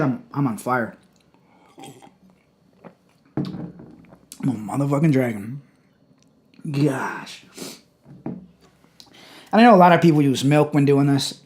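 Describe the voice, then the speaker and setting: A man casually reviewing a hot sauce on his channel, blunt and profane, with loud exclamations. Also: medium pitch, slow, pauses often, slight background noise.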